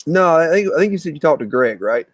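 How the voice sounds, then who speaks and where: A man, co-hosting a casual podcast chat over drinks, talking in a fast, rambling, teasing way. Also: fairly high pitch, very animated, no room sound, studio quality. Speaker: podcast co-host.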